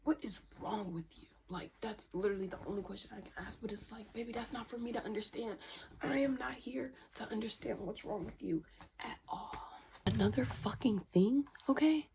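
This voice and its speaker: A woman's voice: mid-range voice, a little fast, gravelly, darkish tone, slight background noise. A young woman venting to camera in a candid self-help rant, profane and emphatic, repeating lines for stress and dropping into whispers. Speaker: vlogger.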